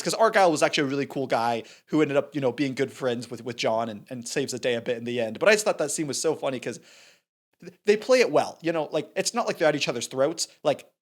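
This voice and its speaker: A man co-hosting a movie review podcast, chatting animatedly and acting out scenes in silly voices. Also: medium pitch. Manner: animated, acts out characters' lines in funny voices. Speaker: podcast co-host. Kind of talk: casual movie review chat.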